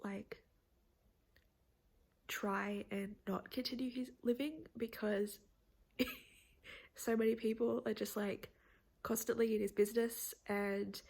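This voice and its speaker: Gravelly, slow-talking woman vlogger. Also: on the high side, darkish tone. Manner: rambling, laughing, tearful. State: teary, on the verge of crying. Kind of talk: casual chatty vlog.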